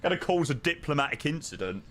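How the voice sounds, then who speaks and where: A young man chats casually and jokes with his viewers while flying. His pitch moves around a lot as he talks. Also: big pitch swings, fast talker, a bit bright, a little hiss or hum. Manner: chatty and joking, sings along to music. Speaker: flight sim streamer. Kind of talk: casual chat.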